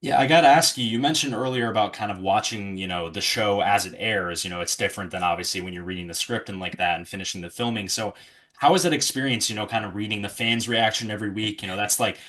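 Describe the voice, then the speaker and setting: A man's voice: fairly low pitch, fast, a bit bright. A man interviewing a guest in an easygoing way, asking questions with plenty of fillers. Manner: easygoing, laughs along, hedges with fillers.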